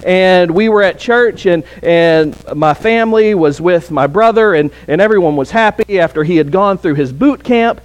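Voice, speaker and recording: Male pastor, sermon, high voice, earnest, halting repeats.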